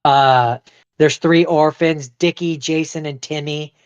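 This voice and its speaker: A podcast co-host in casual chat, hesitant and filling pauses with ums. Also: mid-range voice, steady tone, smooth, no room sound. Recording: dull dry sound.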